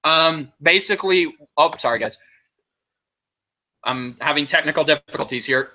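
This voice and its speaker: A man hosting a podcast in casual chat, excitable, laughing often and breaking off mid-sentence to restart. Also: fairly high pitch, moderate pace, highs cut off. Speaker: podcast host.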